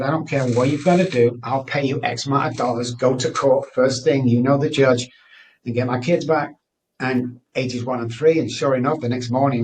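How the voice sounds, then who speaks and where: A middle-aged man from Manchester, England, is a guest in a personal storytelling interview, telling his story earnestly and candidly. His voice is medium-pitched, and he restarts often while sitting a bit far from the mic. Slight background noise is audible.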